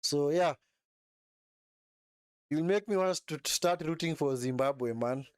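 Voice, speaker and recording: A man's voice: a little high, unhurried, no room sound, studio quality. A man hosting a live football watch-along, casually calling the play and chatting with viewers. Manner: chatty, often ends phrases with "man", answers viewers in chat. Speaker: live stream host.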